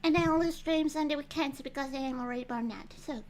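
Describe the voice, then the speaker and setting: High-pitched woman streamer, giggly and chatty. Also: quick pace, faint music behind, poor audio. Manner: chatty and giggly, thinking aloud with many restarts. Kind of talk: casual livestream commentary.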